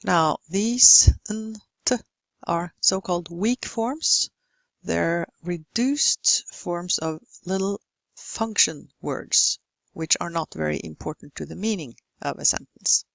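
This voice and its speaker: A Norwegian woman teaching English pronunciation in a slow, careful way, working through example word lists one at a time. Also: lowish voice, creaky, no echo. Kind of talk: recorded phonetics lesson.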